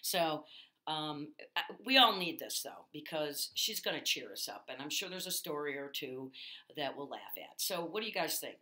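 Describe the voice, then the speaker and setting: A woman hosting a casual comedy show, chatting in a quick, rambling way. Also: low voice, very animated, sharp tone. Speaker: host.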